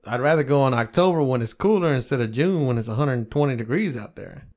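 A middle-aged man co-hosting a casual podcast with a middle-pitched voice. He tells stories loosely and with animation, dropping curses all the time. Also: fast talker. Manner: profane, animated storytelling. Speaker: podcast co-host. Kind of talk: casual chat.

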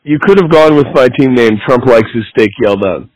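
A man's voice: mid-range voice, animated, brisk, a little mellow, rough recording. A man chatting casually about fantasy football, teasing and laughing a lot. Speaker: podcast co-host.

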